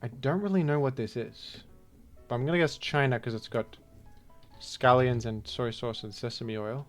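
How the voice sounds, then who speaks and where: A man talks through a guessing game in loose, rambling commentary. He jokes and breaks into mock-outraged asides, at an everyday middle pitch. Faint music plays behind him. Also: moderate pace. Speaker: gaming video host. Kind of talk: casual gameplay commentary.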